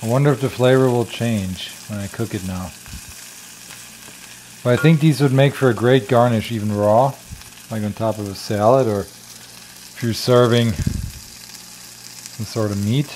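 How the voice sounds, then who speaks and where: A man's voice: medium pitch, a little slow, pauses often, a little mellow, slight background noise. A man with a German accent, chatting casually while tasting and cooking wild plants in his home kitchen. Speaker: homestead vlogger.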